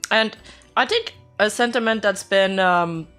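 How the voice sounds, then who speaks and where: A woman's voice: medium pitch, unhurried, a bit bright, clear, resonant tone, faint music behind. A woman streamer casually reacting to news, reading posts aloud and chatting with her viewers. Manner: chatty, answers chat, reads text aloud.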